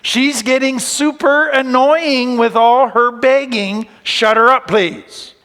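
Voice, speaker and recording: A man's voice: very high voice, takes it slowly, sharp tone, voice pushed up, heavily acted. A man voicing a group of male disciples who are fed up and whining to be rid of a pestering woman. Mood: annoyed. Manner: whiny, exasperated pleading. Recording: long hall reverb.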